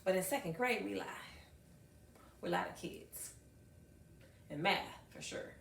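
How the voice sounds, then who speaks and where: A middle-aged woman, a high school math teacher, telling stories to an audience with emphatic repetition and acted-out dialogue. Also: measured pace, gravelly, slight background noise. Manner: emphatic, acts out dialogue, repeats phrases for effect. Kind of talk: storytelling talk to an audience. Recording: echoey room, mic at a distance.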